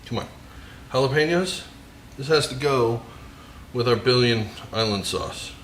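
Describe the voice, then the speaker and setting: A man hosts his own cooking show from a home kitchen, cracking puns and murmuring appreciative mms between bites. His voice sits at an everyday middle pitch. The room rings with echo and carries a faint background noise. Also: lively intonation, unhurried, fairly bright tone. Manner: jokey, enthusiastic, savoring food with murmured mms. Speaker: home cooking video host. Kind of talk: casual cooking vlog with tasting.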